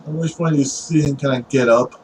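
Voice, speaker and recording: A man's voice: medium pitch, fairly even intonation, brisk, darkish tone, slight background noise, rough recording. A man narrating as game master of a tabletop game, rambling with frequent fillers.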